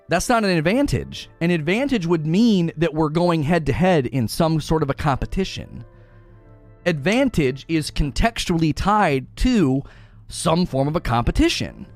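A man's voice: on the high side, big pitch swings, normal speed, dry recording, faint music behind. A man ranting in a sarcastic, argumentative way, as a streamer answering his chat. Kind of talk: ranting commentary.

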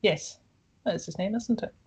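A woman co-hosting a podcast, chatting away in a relaxed, friendly back-and-forth. She laughs easily and often, and her talk runs on with lots of small asides. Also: medium pitch, slightly rough, rough recording. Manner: giggly, chatty, quick to laugh. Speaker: podcast co-host. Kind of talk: casual chat.

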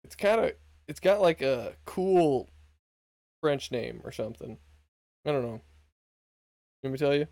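A man's voice: medium pitch, expressive, unhurried, gravelly, pauses often, darkish tone, dry recording, clean studio sound. A man quizzing his co-host in casual podcast chat, joking and swearing freely. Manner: profane, joking quizmaster.

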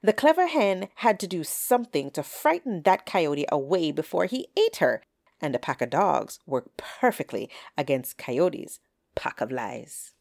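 A woman storyteller telling folktales aloud with an expressive, drawn-out delivery. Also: sits low, creaky, no echo, clean studio sound.

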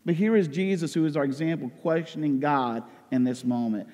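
A man's voice: fairly high pitch, fairly quick, hardly any pauses. Fervent male pastor in a reverberant sanctuary. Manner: swings between loud emotional outcries and hushed intensity. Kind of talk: sermon.

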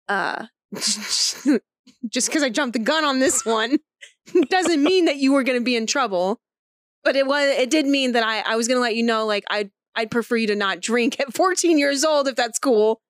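A woman in her thirties co-hosting a podcast, telling stories in a lively way, swearing freely and laughing often. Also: a little high, moderate pace, no room sound, clean studio sound. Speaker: podcast co-host. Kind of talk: casual chat.

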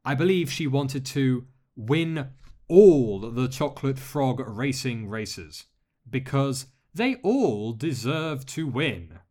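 A man voicing a masked male lord who speaks in a measured, polite way with dry humor. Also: mid-range voice, lively intonation, mellow, voice pushed up. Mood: wry. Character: masked male dark lord, calm, courteous, wry.

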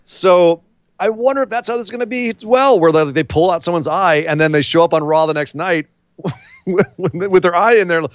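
Male co-host, mid-pitched, rambling and jokey, dry lo-fi stream audio. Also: fairly quick, no room sound. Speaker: podcast co-host. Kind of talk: casual wrestling predictions chat.

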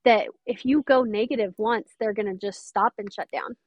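A woman's voice: mid-range voice, moderate pace, no room sound, highs cut off. A woman mentor talking earnestly and emphatically in an interview. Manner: earnest, emphatic, quotes others often. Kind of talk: interview conversation.

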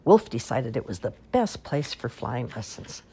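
A woman reads children's storybooks aloud in a low, husky voice with some creak. Her telling rises and falls in lively, expressive swings. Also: moderate pace. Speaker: storybook reader. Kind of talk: reading children's stories aloud.

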